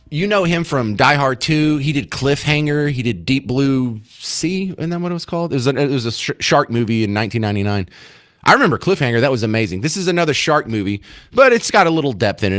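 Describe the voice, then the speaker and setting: A man's voice: mid-range voice, a bit bright, no echo, clean studio sound. A man hosting a talk radio show, chatting in a rambling, self-mocking way. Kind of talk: casual talk radio monologue. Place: radio studio.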